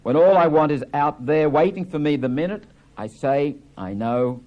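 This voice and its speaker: A man reading aloud as an angry grown son confronting his father, raised and forceful. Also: mid-range voice, expressive, moderate pace, highs cut off, natural voice. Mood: pleading.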